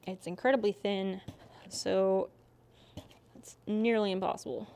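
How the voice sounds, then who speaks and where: A woman's voice: medium pitch, steady tone, a little slow, gravelly, a little mellow, slight background noise. Young woman, streamer, casual and chatty, swears freely, talks while working.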